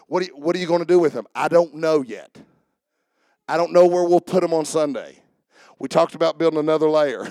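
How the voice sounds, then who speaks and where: A man's voice: fairly high pitch, normal speed, darkish tone, no room sound. Fervent preaching man, dry close sound. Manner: preaching with rising fervor and call-and-response questions. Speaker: pastor. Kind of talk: sermon.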